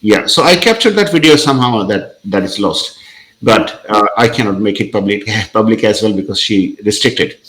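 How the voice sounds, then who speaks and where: A man's voice: fairly low pitch, expressive, moderate pace, a bit bright, low-quality recording. A man, a podcast guest telling a story in a hesitant, conversational way with many fillers.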